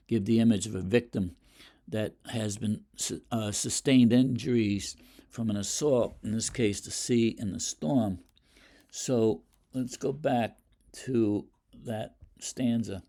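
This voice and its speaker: A man's voice: on the low side, steady tone, slow, darkish tone. A man teaching a poetry lesson, explaining stanzas and reading the verse aloud with rising emphasis, with many fillers and restarts. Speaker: literature teacher.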